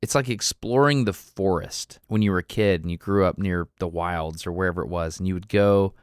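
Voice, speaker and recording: Man with an Alabama accent, lowish voice, dry close mic; candid guest who laughs often. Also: fairly quick, clear, resonant tone, dry recording. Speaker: podcast guest. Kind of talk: casual conversation.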